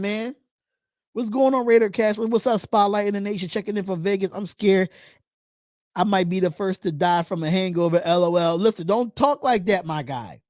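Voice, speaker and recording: A man's voice: high-pitched, a little mellow, no room sound, clean studio sound. A man hosting a casual live fan podcast, reading viewer comments aloud and repeating his points in loose, chatty speech. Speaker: podcast host. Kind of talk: casual live-stream chat.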